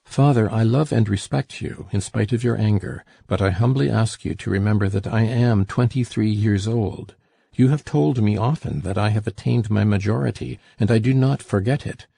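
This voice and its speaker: A man's voice: on the low side, normal speed, gravelly, dark tone, husky, no echo, studio quality. A man voicing a young woman of twenty-three who stands up to her father, in a raised, firm voice. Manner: firm and cold. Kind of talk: audiobook character reading.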